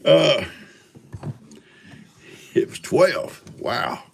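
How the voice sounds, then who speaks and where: An older man in his seventies chats on a live stream, spinning folksy farm stories and chuckling as he goes. His voice sits low with a gravelly rasp, and his pitch rises and falls in lively swoops. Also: a little slow. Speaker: livestream host. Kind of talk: casual storytelling to live viewers.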